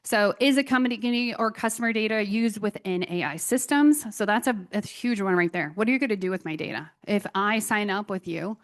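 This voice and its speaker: A woman presenting a conference talk on software tools, chatty and enthusiastic with self-deprecating asides. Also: medium pitch, brisk, few pauses.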